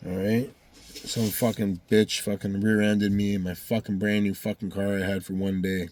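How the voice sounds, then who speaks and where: A man's voice: on the low side, little pitch movement, normal speed, a little mellow. A man rambling through a heated, profanity-filled personal story as a vlogger. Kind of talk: casual storytelling monologue.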